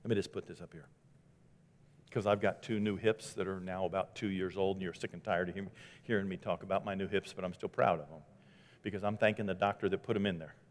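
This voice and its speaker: A man preaching a sermon as pastor, dramatic, dropping to a hush and rising to loud exclamations. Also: low-pitched, fairly even intonation, fast talker, in a large hall. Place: church sanctuary.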